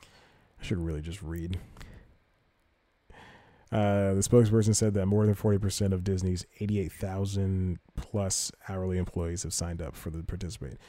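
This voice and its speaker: A man's voice: deep voice, fairly even intonation, moderate pace, dark tone, no room sound. A man hosting a podcast, reading entertainment news aloud and rambling through it with self-corrections and casual asides. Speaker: podcast host.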